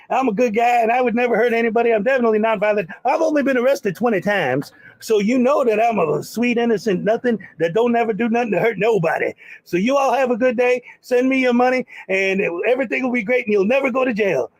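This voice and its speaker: A man playing a boastful scamming salesman in a comedic parody skit, with a sleazy sales-pitch manner. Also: fast talker, no room sound. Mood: smarmy pitch. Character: boastful scammy male con man hawking junk.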